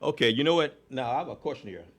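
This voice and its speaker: A man's voice: mid-range voice, lively intonation, quick pace. A man hosting an interview, chatty and playful, often repeating himself as he asks questions. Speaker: host.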